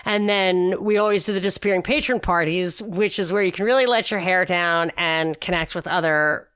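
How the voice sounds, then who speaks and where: A woman's voice: lowish voice, moderate pace, fairly bright tone, clean tone, dry recording, clean studio sound. A woman co-hosting a casual podcast, chatty and opinionated, often restarting her sentences. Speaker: podcast co-host.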